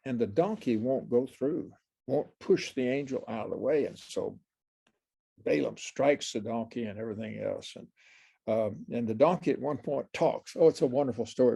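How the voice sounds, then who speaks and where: A man's voice: mid-range voice, fairly quick, gravelly, warm tone, breathy edge. An older man giving an informal Bible class lecture, rambling with many fillers and restarts and chuckling often.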